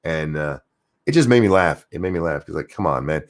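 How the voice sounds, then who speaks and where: A man's voice: extremely low pitch, lively intonation, a little fast. A man hosting a livestream, ranting profanely and sarcastically while reading chat comments. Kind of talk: political rant livestream.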